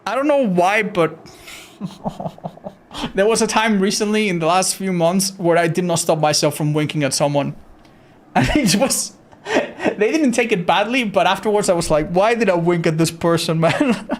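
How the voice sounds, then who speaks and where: On a casual livestream, a man reads chat, swears freely and laughs a lot, speaking English as a non-native. He has a high voice and talks at a normal speed.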